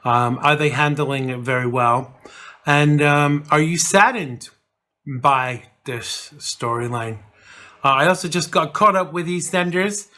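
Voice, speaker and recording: A man's voice: fairly high pitch, unhurried, pushed and bright. A man hosting a casual vlog, chatting to camera in a rambling way with lots of fillers and restarts. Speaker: vlog host.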